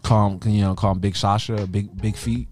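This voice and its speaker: A man's voice: lowish voice, normal speed. Chatty laughing podcast guy. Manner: animated, laughing, rambling with many restarts. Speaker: podcast co-host. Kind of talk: casual chat.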